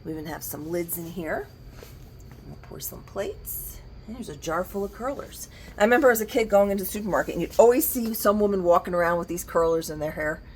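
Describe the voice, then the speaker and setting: Speaking quickly in a lowish register, this antique shop owner strolls around her big store indoors, talking up items for sale and calculating markdowns aloud. A faint hiss or hum sits underneath.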